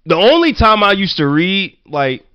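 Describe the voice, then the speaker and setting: A man from Virginia telling childhood stories in casual chat, loose and profane, full of "like" and quick laughs. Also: high-pitched, sing-song, clean tone, dry recording, lo-fi sound. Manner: loose, profane, laughing anecdotes with many "like" fillers. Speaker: storyteller.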